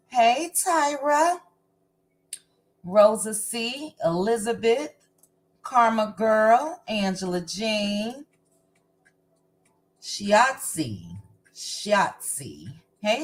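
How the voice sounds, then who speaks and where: A woman hosts a casual live stream, calling out viewers' names one by one in a slow, easygoing rhythm. Her voice sits at a middle pitch, friendly and chatty. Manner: unhurried, warm greetings to chat viewers by name. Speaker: livestream host.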